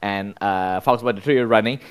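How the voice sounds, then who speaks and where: A man's voice: on the low side, brisk, smooth. A man narrating as game master of a tabletop role-playing game, rambling with many fillers.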